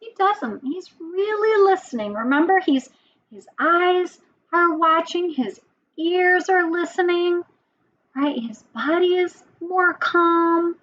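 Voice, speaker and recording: A woman teacher telling a story to young children, animated and asking them questions. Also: very high voice, slow, dull audio.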